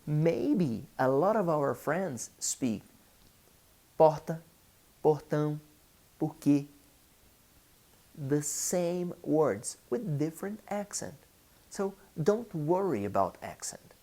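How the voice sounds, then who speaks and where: A fairly high, very animated, darkish voice leads an online English lesson. The teacher is a Brazilian native speaker of Portuguese with a matching accent, speaking with deliberate care and repeating important phrases.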